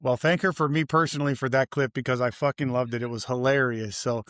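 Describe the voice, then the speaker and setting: A man hosts a podcast in easygoing chat, swearing freely and loosely. His voice sits at an ordinary middle pitch. The sound is close and dry, with no room around it. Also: steady tone, quick pace, fairly bright tone, dry recording. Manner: profane, laid-back, freely cursing. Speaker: podcast host.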